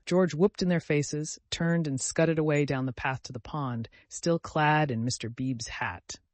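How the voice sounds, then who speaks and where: A man narrating a classic novel as an audiobook, reading in an expressive storytelling manner. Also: a little high, unhurried, no room sound. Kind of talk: scripted narration.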